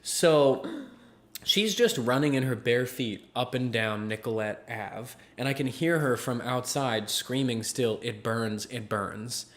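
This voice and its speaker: A man with a medium-pitched voice, speaking a little slowly, co-hosts a podcast. He narrates a story casually, acting out the people in it and bursting into laughter.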